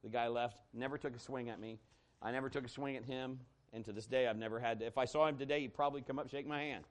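A male pastor preaching a sermon, telling a personal story in a conversational, animated way that swings between loud and hushed. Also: medium pitch, quick pace.

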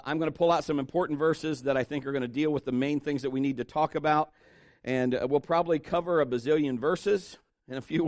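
A man's voice: fairly high pitch, a little mellow, no room sound. A middle-aged male pastor preaching a sermon in a conversational, joking way, with asides to the congregation.

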